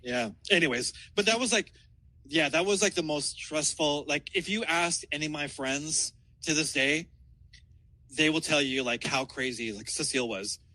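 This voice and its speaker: A man's voice: fairly high pitch, moderate pace, bright, forceful tone, dry recording, low-quality recording. Rambling, profane man telling a story. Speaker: caller. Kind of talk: casual storytelling. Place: outdoors in a city downtown.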